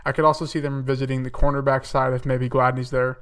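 A young man chats his way through football picks in a level, even tone, pausing on fillers and correcting himself as he goes. His voice is smooth and clear but sits a little back from the microphone. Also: mid-range voice, recorded from a distance. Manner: chatty, thinks aloud with fillers and self-corrections. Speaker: podcast host. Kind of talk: casual solo mock-draft commentary.

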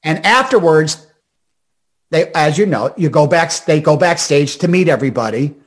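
An older comedian from Scranton is spinning stories in a fast, animated way, often doing the voices of the people he quotes. His voice sits high for a man, and he keeps stumbling into restarts as he pushes ahead. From Scranton, Pennsylvania. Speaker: comedian and actor guest. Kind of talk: storytelling interview chat.

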